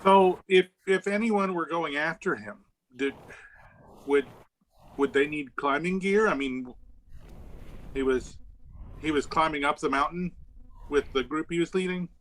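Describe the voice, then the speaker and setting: Hesitant man, fairly high voice. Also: unhurried, long pauses, a bit bright, rough recording. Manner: hesitant, restarts sentences. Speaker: player. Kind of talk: tabletop game play.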